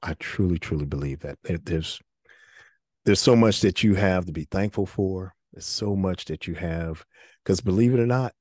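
A man's voice: low voice, moderate pace, a little mellow, no room sound, clean studio sound. A middle-aged man hosting a faith-based interview podcast, talking earnestly and often repeating words as he restarts. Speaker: podcast host.

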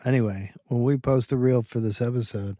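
A man co-hosting a podcast in casual chat, blunt and teasing, telling things in an animated way. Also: mid-range voice, fairly quick, no echo, studio quality. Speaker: podcast co-host.

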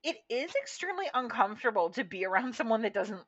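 A woman's voice: a little high, very animated, fast, a bit bright. A woman co-hosting a podcast in casual chat, easygoing with wry, sarcastic asides. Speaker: podcast co-host. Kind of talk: casual chat recapping a reality show. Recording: slightly dull lo-fi audio.

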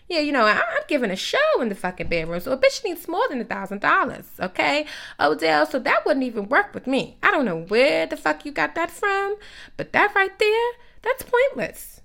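A woman's voice: fairly high pitch, a bit bright. A young woman ranting through celebrity gossip in a blunt, sassy way, swearing constantly. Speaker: gossip commentator. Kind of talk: profane celebrity gossip rant.

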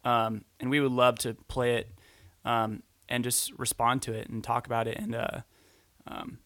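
A man's voice: medium pitch, normal speed, dry recording. Easygoing male podcast host, dry sound. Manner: easygoing, brief replies, relaxed sign-off. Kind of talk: casual chat.

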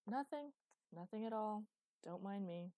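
A woman reading the lines of a nervous, sarcastic young man in a storybook, sulky and pitched higher than her narration, in a dry close recording. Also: animated, measured pace, mellow, dry recording, natural voice.

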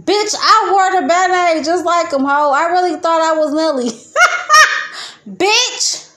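High-voiced woman, loud and profane. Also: slow. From Detroit, USA. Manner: profane, laughing, swings between loud excitement and low muttering. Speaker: podcast host. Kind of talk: rambling casual monologue.

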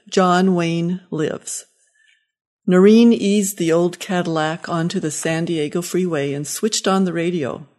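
A woman introducing and reading short stories aloud in a gentle, measured way. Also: lowish voice. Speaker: story reader.

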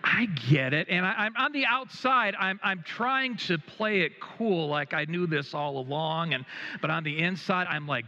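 A middle-aged man preaching a sermon as a pastor, telling a gently humorous story with many hesitations and restarts. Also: a little high, moderate pace, long reverb tail, lo-fi sound. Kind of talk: sermon with personal anecdote. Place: church sanctuary.

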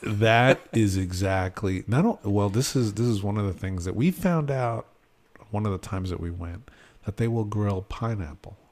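A man's voice: fairly low pitch, normal speed, a little mellow. A man on a casual podcast, telling a story animatedly with lots of fillers and acted-out quotes. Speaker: podcast host. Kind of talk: casual chat.

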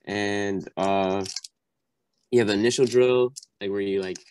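Lively young man telling stories. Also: a little slow, slight background noise, poor audio. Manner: animated storyteller, acts out quoted voices with sudden high jumps, many fillers. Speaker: podcast guest, Marine recounting boot camp. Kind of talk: casual storytelling chat.

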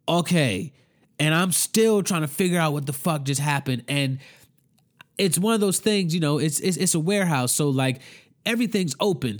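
A man telling a story in casual, profane speech, animated and acting out the other people in it. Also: on the high side. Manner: animated, swearing, acts out every voice.

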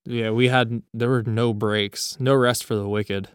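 A man's voice: medium pitch, steady tone, unhurried, clean tone, no room sound, clean studio sound. A man co-hosting a podcast, bantering in a crude, joking, profane way. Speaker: podcast co-host. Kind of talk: casual chat.

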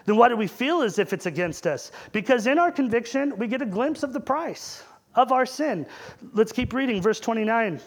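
High-voiced male preacher. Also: expressive, normal speed. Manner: conversational, asks rhetorical questions. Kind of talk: sermon.

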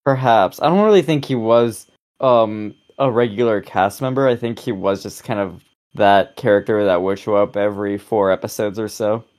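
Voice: medium pitch, moderate pace, darkish tone. Podcast co-host, casual chat, teasing, laughing.

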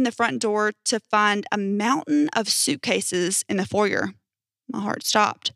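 A woman's voice: medium pitch, slow pace, gravelly, no room sound, studio quality. Young woman narrating a horror story. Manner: even storytelling, hesitant um in sign-off. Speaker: podcast host and story narrator.

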